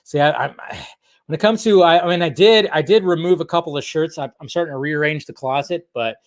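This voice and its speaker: A man running a casual livestream, talking in loose, rambling stretches and poking fun at himself. His voice sits a bit higher than most men's. He chats with viewers as he goes. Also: brisk. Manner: rambling, self-deprecating, chatty with viewers. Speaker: YouTube livestream host.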